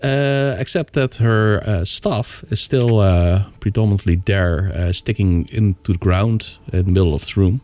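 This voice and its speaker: A man's voice: on the low side, normal speed, few pauses, a little mellow, no room sound. A man acting as game master, chatting loosely and joking with his players. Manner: joking, filler-heavy. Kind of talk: casual chat and game narration.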